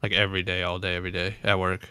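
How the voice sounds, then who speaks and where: A man's voice: low-pitched, monotone, rapid-fire, pushed and bright, smooth, no echo, studio quality. A man who is a guest on a casual podcast call, arguing insistently but in a friendly way. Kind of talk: casual chat.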